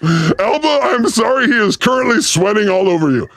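High-pitched guy hosting a podcast, jokey, bouncy delivery, dry close sound. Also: moderate pace, no room sound. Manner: animated, joking, laughs often. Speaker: podcast host. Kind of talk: casual podcast chat.

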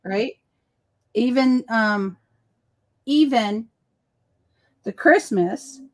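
Speaking extremely slowly in a higher voice, a Boston woman hosts a relaxed crafting livestream. She tells stories that wander and frequently stops to correct herself.

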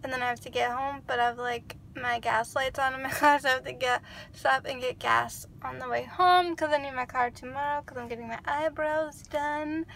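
Young woman with a high voice, rambly casual vlog chat into her phone. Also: fairly even intonation, moderate pace, creaky, a bit bright, slight background noise. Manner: rambling, chatty, filler-heavy. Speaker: vlogger.

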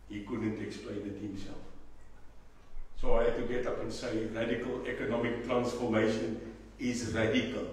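A man with a South African accent giving a rousing political speech, emphatic, swinging from low asides to shouting. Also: slight background noise. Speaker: political party leader. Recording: echoey hall, mic far off.

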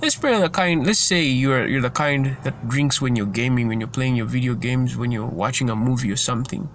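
A man's voice: medium pitch, a little fast, a little hiss or hum. A man giving an informal sermon in an earnest, repetitive way, often stumbling and restarting his sentences. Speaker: preacher.

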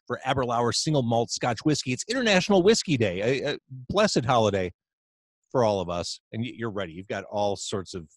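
A man's voice: medium pitch, animated, fairly quick. A male podcast host runs a live video chat from home. His voice swings up and down as he jokes and teases his guest. The audio is dry and close, with no room echo. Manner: upbeat, joking, teasing. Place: home, indoors. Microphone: video call.

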